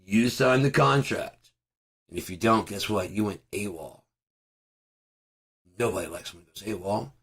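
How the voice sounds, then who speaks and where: A man with a low, raspy voice that has gone hoarse from a lot of screaming. He talks at home in a profane, wandering monologue, breaking into loud angry outbursts. The husky rasp stays in every word. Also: measured pace, pauses often. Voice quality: raspy, gravelly. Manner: profane, ranting, with bursts of loud shouting. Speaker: vlogger. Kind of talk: casual rambling monologue.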